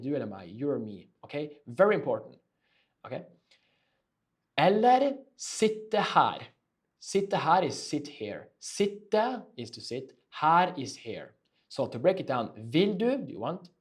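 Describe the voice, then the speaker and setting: A Norwegian-accented man teaches a casual podcast lesson, full of jokes and asides. He explains phrases patiently and repeats them slowly for learners. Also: medium pitch, sing-song. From Norway. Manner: joking, playful explaining. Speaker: language teacher.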